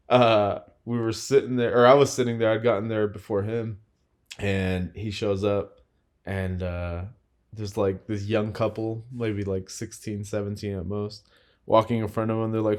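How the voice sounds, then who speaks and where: Young male co-host, slightly low voice, lively storyteller who laughs often. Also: normal speed. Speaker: podcast co-host. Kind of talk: casual chat with spouse.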